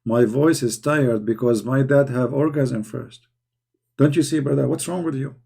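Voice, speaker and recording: A man's voice: mid-range voice, steady tone, moderate pace, gravelly, mellow, husky. Sarcastic man. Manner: sarcastic, mocking, broken English grammar. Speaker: chat show host. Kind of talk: casual live-chat monologue.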